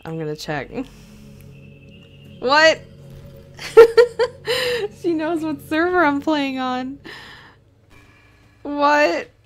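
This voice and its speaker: A woman's voice: high-pitched, expressive, extremely slow, pauses often, faint music behind. A young woman playing a game and commenting on it, jumpy and nervous, often laughing. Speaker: let's play host.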